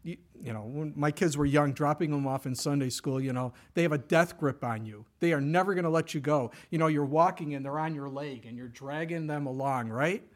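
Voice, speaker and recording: A middle-aged pastor with a fairly high voice preaches in a relaxed, conversational way. He swings from near-whispers to sudden loud bursts and laughs now and then. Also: a little fast, few pauses. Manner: jokes and laughs with the congregation. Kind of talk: sermon.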